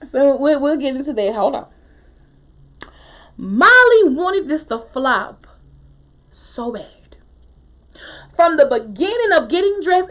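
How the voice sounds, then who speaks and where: A woman casually recapping a TV episode, opinionated and animated, with slangy talk and frequent laughter. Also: sits high, slow pace, pauses often. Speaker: TV show recap host.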